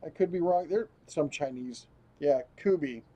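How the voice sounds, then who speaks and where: Rambling male host, dark warm voice. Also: a little high, normal speed, highs cut off. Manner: rambling, reads viewer comments aloud. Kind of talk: casual live-stream chat.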